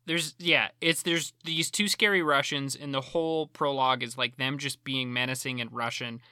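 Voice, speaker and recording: A man's voice: mid-range voice, steady tone, moderate pace, sharp tone, clear, resonant tone, no room sound, studio quality. A man co-hosting a podcast, talking in a blunt, sarcastic way and swearing freely. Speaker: podcast co-host. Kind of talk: casual chat.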